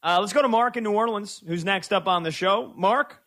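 Emphatic, higher-voiced sports radio host. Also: male voice, bright, forceful tone. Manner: opinionated, emphatic, with drawn-out stresses. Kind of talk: call-in sports talk radio.

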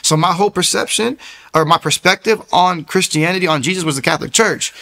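A man's voice: sits high, fairly quick, creaky, bright, forceful tone. A man telling his personal faith testimony in a casual, storytelling way, acting out the voices of people he quotes and often repeating words as he goes. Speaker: testimony speaker.

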